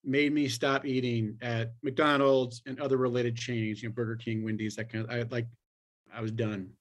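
A man hosting a podcast, chatting in a relaxed way that trails off quietly. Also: mid-range voice, normal speed. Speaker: podcast host. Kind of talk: casual podcast chat.

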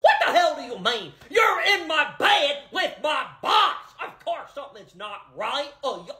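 A man voicing a grouchy, stubborn male cartoon dog who shouts insults in a dopey drawl. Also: extremely high pitch, sing-song, a little slow, full character voice. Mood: angry.

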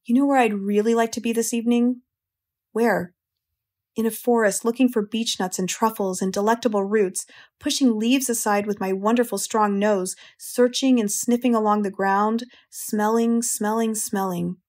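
An anxious, eager young male pig, voiced by a woman reading aloud. He sounds a little higher and pleading, full of worried questions. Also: fairly even intonation, moderate pace, darkish tone, lightly acted. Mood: dreamy.

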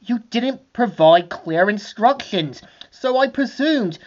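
A woman's voice: a little high, animated, slow pace, darkish tone, voice pushed up. A woman voicing a prim, fussy male butler who talks in a stiff, formal way. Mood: apologetic. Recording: dull lo-fi home recording.

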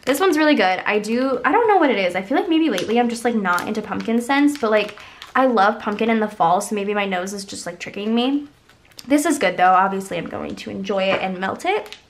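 A woman's voice: medium pitch, expressive, a little fast, a little hiss or hum. Congested young woman chatting through a haul. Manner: rambling, upbeat, lots of "like" and "um". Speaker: haul vlogger. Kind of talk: casual chatty haul video.

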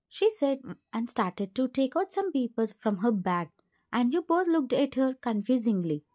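Female storybook narrator, high and mellow, steady plain delivery. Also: measured pace. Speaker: fan fiction narrator. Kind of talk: scripted second-person story narration.

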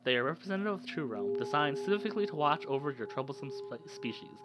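A man with a cold, reading the lines of a smooth, patronizing masked gentleman in a top hat from a game. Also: medium pitch, animated, fast talker, very noisy, natural voice. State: sick with a cold.

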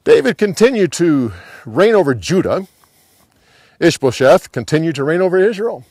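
A man telling a Bible story dramatically, rising with the action and dropping low at the ends of scenes. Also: moderate pace, slightly rough, dry recording, clean studio sound. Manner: animated, dropping to hushed endings.

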